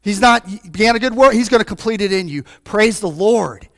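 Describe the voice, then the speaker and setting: A male pastor with a notably high, expressive voice preaches a fervent sermon a little fast, swinging sharply in pitch and volume between fired-up, raised passages and hushed, low stretches. He repeatedly calls out direct questions to the congregation.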